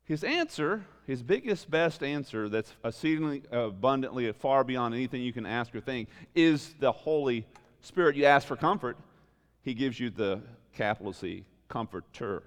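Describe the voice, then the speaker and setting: A male pastor preaching an animated sermon, full of rhetorical questions, swinging between loud emphasis and quiet asides. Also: medium pitch, moderate pace, smooth, in a large hall.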